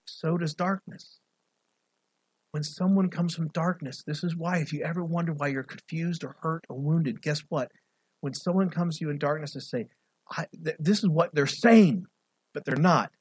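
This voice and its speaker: A middle-aged male pastor preaching an animated sermon, swinging between loud, raised passages and quiet asides. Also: on the high side, moderate pace, breathy edge, no room sound.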